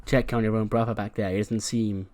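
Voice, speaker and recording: A man's voice: on the low side, flat delivery, fairly quick, a little mellow, natural voice. A man doing a hesitant veteran wrestler. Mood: weary. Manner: hesitant, stammering. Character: weary veteran male wrestler, a father.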